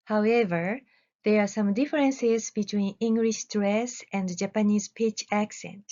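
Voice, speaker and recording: A woman researcher talks through an academic presentation in a mid-range voice, reading deliberately with careful pauses between phrases. Her pace is slow and unhurried. The recording is dull and lo-fi. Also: mid-range voice, steady tone, dark tone.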